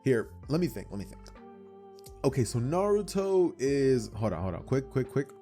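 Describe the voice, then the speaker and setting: A young man spins a casual anime what-if tale in a dark, mellow voice. He rambles, uses slang and corrects himself midway, with faint music under him. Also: medium pitch, very animated, normal speed. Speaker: anime storyteller.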